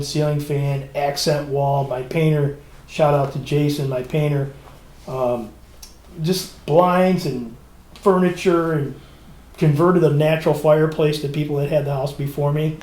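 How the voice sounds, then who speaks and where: A man's voice: fairly high pitch, normal speed, roomy sound. A man in casual podcast chat, telling a story and acting out the people in it. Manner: storytelling, animated quoting of others. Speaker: podcast co-host.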